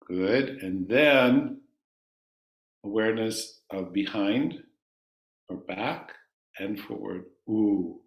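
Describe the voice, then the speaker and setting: A man teaching a chanting class, calmly explaining ideas and singing long vowels for his students to repeat. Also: fairly low pitch, extremely slow, long pauses, echoey room.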